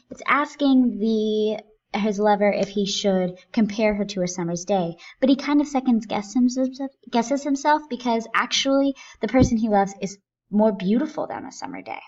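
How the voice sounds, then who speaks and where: A woman's voice: a little high, expressive, a little mellow. A woman teacher giving a recorded lesson, explaining a poem line by line and stressing key words. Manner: deliberate, stresses key words with rising emphasis. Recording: dull lo-fi recording.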